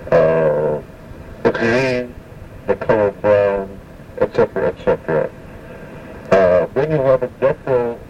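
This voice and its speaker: A man teaching pronunciation, speaking haltingly with frequent pauses. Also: on the low side, a little mellow. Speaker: language instructor. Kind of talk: explaining pronunciation. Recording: muffled, distant, faint background hum.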